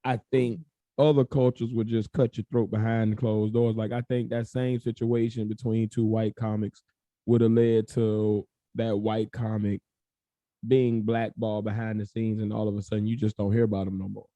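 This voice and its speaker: A young man co-hosting a podcast, talking in a blunt, profane, animated way in casual chat. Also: fairly low pitch, moderate pace, dry recording. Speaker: podcast co-host.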